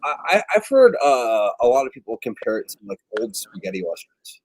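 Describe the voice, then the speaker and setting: A man's voice: mid-range voice, very animated, fairly quick, no echo. Rambling, profane man in casual chat.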